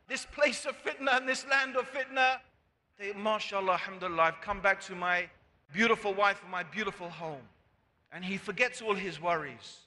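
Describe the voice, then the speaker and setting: High, bright-voiced preacher in a hall. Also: male voice. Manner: rhetorical questions to the audience. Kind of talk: sermon. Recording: long hall reverb.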